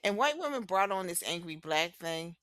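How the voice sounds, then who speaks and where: A woman's voice: fairly low pitch, very animated, moderate pace, a bit bright, no echo. Blunt, fiery woman podcaster. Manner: blunt, profane, emphatic. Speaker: podcast co-host. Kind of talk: casual opinionated chat.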